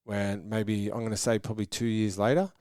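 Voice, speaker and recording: A man's voice: on the low side, level tone, fairly quick, a little mellow, dry recording, studio quality. A man in his thirties with an Australian accent, a guest telling long rambling stories in a casual podcast interview and acting out what people said. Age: 30s. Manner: rambling storytelling with voiced quotes. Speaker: guest, track builder.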